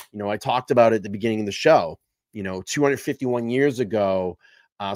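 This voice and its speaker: A man's voice: fairly low pitch, no room sound. Man hosting a live stream, dry close sound. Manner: laughing hard, retelling clips. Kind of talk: casual live stream chat.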